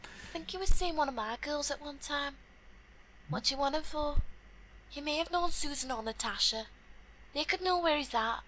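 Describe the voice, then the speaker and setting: A Geordie tavern madam. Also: female voice, sits high, moderate pace, long pauses, bright, forceful tone, low-quality recording. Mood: guarded. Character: tavern madam, adult woman, guarded. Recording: game audio with background noise.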